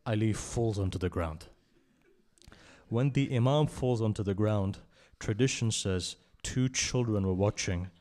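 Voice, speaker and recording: At a mourning gathering in the hall of a religious centre, a man recites with passion, his voice rising to loud cries and then sinking low, and he often puts direct questions to his listeners. He keeps a measured pace.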